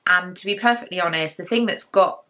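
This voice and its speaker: A young woman from England hosting a knitting podcast from home, talking in a gentle, chatty way with frequent ums. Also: on the low side, a little fast. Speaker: podcast host. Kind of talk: casual knitting podcast chat.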